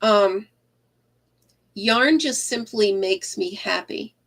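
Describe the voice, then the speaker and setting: Woman, unhurried, rambling livestream crochet host who greets viewers by name. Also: medium pitch. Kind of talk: casual livestream chat while crocheting. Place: craft room at home.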